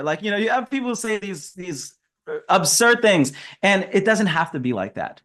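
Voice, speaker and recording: Upbeat high-voiced man coaching sales. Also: big pitch swings, moderate pace, pushed and bright. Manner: upbeat, chatty, laughs often. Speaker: sales trainer. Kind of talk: casual training talk.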